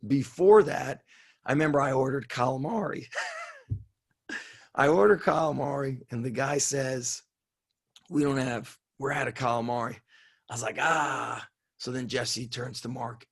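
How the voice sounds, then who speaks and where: A man who is a strength coach telling a story on an interview in an excitable way, swearing and laughing as he goes. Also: mid-range voice, measured pace, creaky, long pauses, breathy edge. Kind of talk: animated storytelling.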